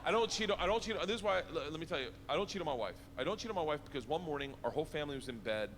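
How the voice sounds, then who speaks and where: A man doing stand-up storytelling, animated, shouting his punchlines and putting on other people's voices. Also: on the high side, racing, a crowd in the background. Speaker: stand-up comedian.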